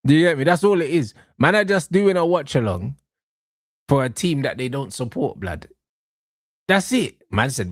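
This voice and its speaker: A man's voice: high-pitched, normal speed, pauses often, no room sound, clean studio sound. A man, co-hosting a reaction show, trading mocking, slang-heavy football banter. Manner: mocking, slangy, animated trash talk. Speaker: reaction channel co-host.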